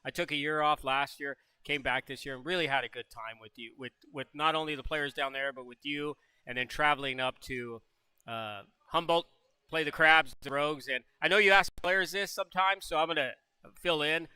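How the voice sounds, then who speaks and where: Older male coach, folksy and halting postgame talk, bright, clear voice. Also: on the high side, no echo. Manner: folksy, halting, restarts often. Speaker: head coach. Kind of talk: postgame interview.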